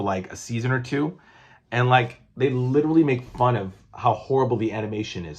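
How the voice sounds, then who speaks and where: Rambling, husky-voiced man in his forties. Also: medium pitch. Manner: rambling, self-correcting, many fillers. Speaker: comic book collector and reviewer. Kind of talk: casual vlog chat.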